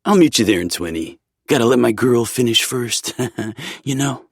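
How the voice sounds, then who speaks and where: A man's voice: medium pitch, lively intonation, moderate pace, husky, no room sound, pitched above the performer's own voice. A man voicing a cocky, joking friend who teases and laughs, in a dry, close audiobook reading. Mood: teasing. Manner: teasing, laughing.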